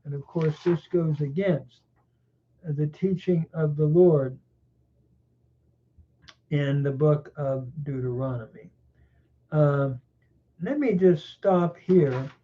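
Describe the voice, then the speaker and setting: A man teaching a Bible chapter verse by verse, reflective and unhurried, pausing often with small fillers. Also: fairly high pitch. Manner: reflective, with frequent pauses and fillers. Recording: tinny phone-like sound.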